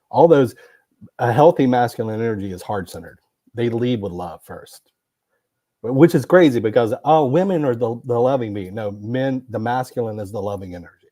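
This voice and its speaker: A man's voice: on the low side, mellow, no echo. A man talking on a podcast, emphatic and preachy, driving his points home by repeating words. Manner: emphatic, repetitive, preachy about masculinity. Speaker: podcast guest. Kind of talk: casual podcast conversation.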